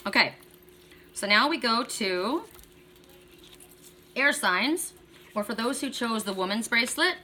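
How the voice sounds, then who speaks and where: A woman's voice: on the high side, animated, measured pace, pauses often, bright, forceful tone, slight background noise. A middle-aged woman reading oracle cards for viewers in a chatty, encouraging way. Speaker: tarot and oracle card reader.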